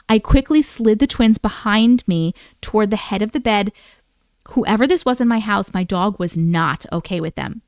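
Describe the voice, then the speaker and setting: A young adult woman hosting a live stream, reading viewer stories aloud in an expressive way and acting out the quoted voices. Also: medium pitch, no room sound, studio quality.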